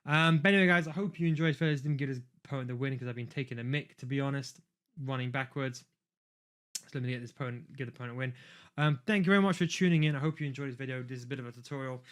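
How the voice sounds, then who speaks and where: A man's voice: medium pitch, very fast, smooth. A man giving a casual, rambling gameplay tutorial while he plays. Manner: rambling, chatty, talks while playing. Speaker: video game coach.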